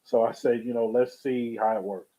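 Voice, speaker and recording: Greeting chat viewers as he goes, a streaming man wanders through a story in an easygoing, chatty style. His voice is medium in pitch and dark in tone, with fairly even intonation and a moderate pace. Captured on a webcam or USB streaming mic, it has a tinny, phone-like sound.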